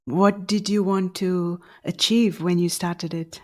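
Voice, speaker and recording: A woman's voice: fairly low pitch, steady tone, takes it slowly. A woman hosting a podcast interview, asking curious, friendly questions. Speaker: podcast host. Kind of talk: casual interview.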